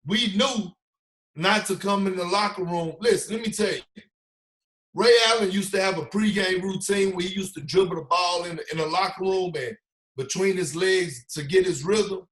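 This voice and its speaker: A man's voice: high-pitched, moderate pace. A man telling stories in a casual, slangy way, acting out what others said. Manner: animated storyteller, slangy, acts out quotes. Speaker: podcast guest, former basketball player. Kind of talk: casual storytelling.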